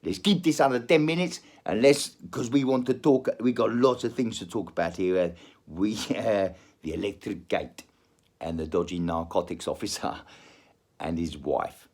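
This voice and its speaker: On his show, a podcast host rambles through a crude, comic story, swearing freely and switching among put-on accents. He speaks at a moderate pace in a lowish, slightly mellow voice.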